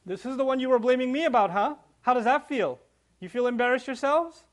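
Brief: quick-tongued, high-voiced scorned noblewoman, proud and vengeful, put on by a male teacher. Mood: taunting. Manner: defiant, taunting.

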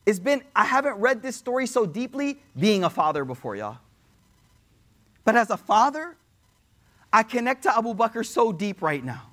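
A man's voice: sits high, very animated, normal speed, a bit bright. A man telling a religious story as a sermon, conversational, addressing listeners directly and weaving in Arabic quotations. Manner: conversational, addresses audience as y'all, quotes Arabic. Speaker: preacher.

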